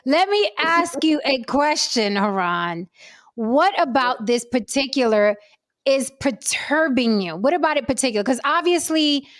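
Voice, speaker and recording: A woman's voice: sits high, animated, measured pace, no room sound, clean studio sound. A woman hosting a talk panel, teasing her guests and pressing them with questions. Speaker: host. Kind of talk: casual chat.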